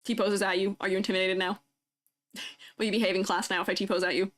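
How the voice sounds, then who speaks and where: A woman's voice: mid-range voice, level tone, fast, a bit bright. A young woman streamer chatting casually with her viewers, giggling often and reacting playfully to fan art. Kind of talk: casual live stream chat.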